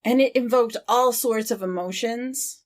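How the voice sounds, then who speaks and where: A woman's voice: fairly high pitch, unhurried. A woman co-hosting a casual podcast, talking in a reassuring way and often repeating herself for emphasis. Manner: warm and reassuring, emphatic repetition. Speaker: podcast co-host.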